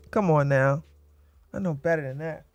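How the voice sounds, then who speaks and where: A woman's voice: low-pitched, a little mellow, dry recording. A woman in her forties hosting a livestream, blunt and joking as she comments and tells stories. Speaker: livestream host. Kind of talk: casual commentary and storytelling.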